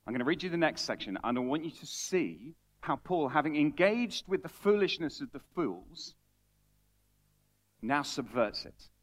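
A man's voice: on the high side, big pitch swings, moderate pace. A man preaching a conversational sermon, reading scripture aloud and often repeating words as he talks.

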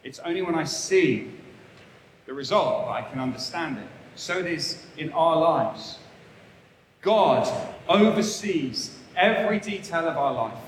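A man's voice: a little high, animated, measured pace, a little hiss or hum. A man preaching a sermon, earnest and emphatic, repeating short phrases for weight. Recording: echoey hall, faint ambience.

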